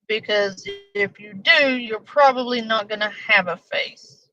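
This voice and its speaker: A woman chats on her live stream, rambling through jokes and swearing freely. She speaks slowly at a middling pitch. The sound is dull and lo-fi. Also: sharp tone. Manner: profane, rambling, joking. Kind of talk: casual live-stream chat.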